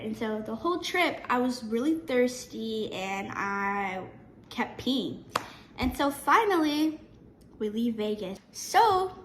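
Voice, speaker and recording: High-voiced teen girl vlogger, echoey room. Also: slight background noise. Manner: chatty, animated, frequent restarts. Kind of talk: casual storytelling to camera.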